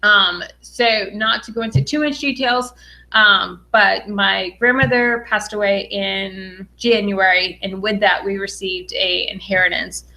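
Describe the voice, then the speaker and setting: A young adult woman from Western Massachusetts hosts a casual live stream and reads viewer comments aloud. She sounds bubbly and excited, with a mid-range voice and lots of "um"s between names. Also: medium pitch, measured pace, gravelly. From Western Massachusetts, USA. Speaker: personal finance vlogger.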